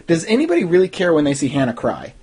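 A man's voice: fairly high pitch, wildly swooping pitch, fast talker, darkish tone, husky. A young man ranting casually and snarkily in a TV episode review, with mocking asides. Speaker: TV recap podcaster.

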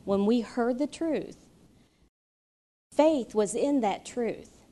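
A woman teaching a Bible study in an earnest, unhurried way, pausing often with ums and uhs. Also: a little high, lively intonation, warm tone. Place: room with chairs, audience present.

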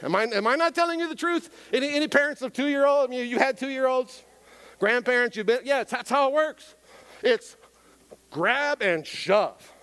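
High-voiced animated preacher man. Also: a little fast, clear, resonant tone. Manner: animated, questions the congregation. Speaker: pastor. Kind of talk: sermon.

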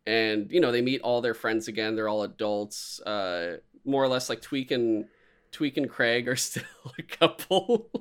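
A man's voice: medium pitch, a little slow, clear, resonant tone. A man in casual podcast chat, rambling and swearing as he animatedly retells a story. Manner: rambling, profane, animated retelling with put-on voices.

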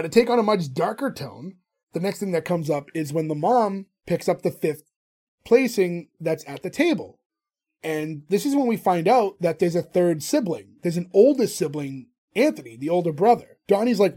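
A man's voice: sits high, animated, normal speed, dark tone. A man co-hosting a podcast, casually recapping an episode and telling stories. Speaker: podcast co-host. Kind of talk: casual chat.

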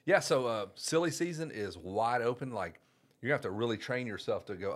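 A man co-hosting a podcast, bantering quickly in casual chat. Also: medium pitch, animated. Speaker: podcast co-host.

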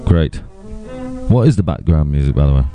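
A man's voice: extremely low pitch, animated, a little fast, music in the background. A man co-hosting a podcast, trading sweary, sarcastic banter. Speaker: podcast co-host. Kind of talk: casual banter.

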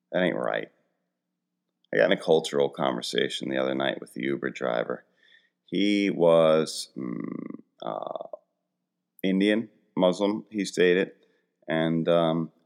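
Very deep-voiced man, rambling monologue. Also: creaky. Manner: rambling, self-deprecating storytelling. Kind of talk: casual comedic monologue.

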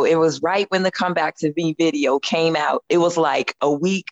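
A woman in her fifties, a podcast guest telling a long story in casual chat, animated and laughing often as she acts out what she said. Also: low-pitched, normal speed, creaky, dry recording, dull audio.

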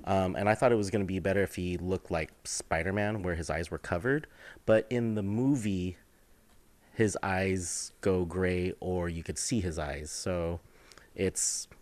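Deep-voiced man chatting casually. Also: a little slow, no echo. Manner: relaxed storytelling with many fillers. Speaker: podcast co-host. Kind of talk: casual chat.

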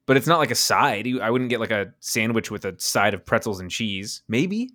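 A man's voice: fairly low pitch, expressive, moderate pace, bright, forceful tone. A man co-hosting a podcast, chatting casually and talking himself in circles. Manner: rambling, second-guessing himself. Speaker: podcast co-host. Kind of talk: casual chat.

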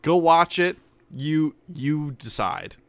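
A man co-hosting a podcast in casual chat, mostly giving short replies and quick asides. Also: a little high, expressive, dry recording. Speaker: podcast co-host.

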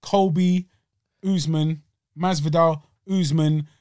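A man's voice: fairly high pitch, fairly even intonation, slow pace, a little mellow, dry recording, studio quality. Slangy man on a sports podcast. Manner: laid-back, slangy, clears throat often. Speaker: podcast co-host. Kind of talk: casual sports chat.

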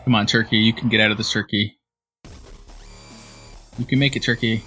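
A man's voice: fairly low pitch, fairly even intonation, moderate pace, bright, forceful tone, soft background music. A man co-hosting a podcast, bantering and laughing through a movie watch-along. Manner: joking, laughs often, teasing. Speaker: podcast co-host.

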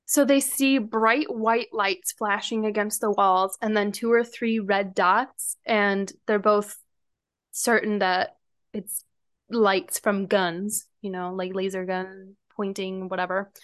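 A woman's voice: medium pitch, steady tone, takes it slowly. A woman podcast co-host casually retelling a true-crime story with lots of fillers. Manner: retelling events with frequent fillers.

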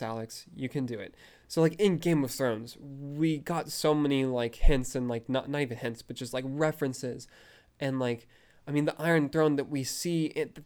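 A young man hosting a fan podcast, gushing with breathless, excited commentary and frequent outbursts. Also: fairly high pitch. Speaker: podcast host.

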